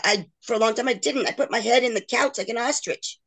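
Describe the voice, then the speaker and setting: Middle-aged woman, interview guest, frank, emotional, storytelling, mid pitch. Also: a little fast, a bit bright. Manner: emotional, frank, acts out others' quoted words. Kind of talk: candid personal storytelling.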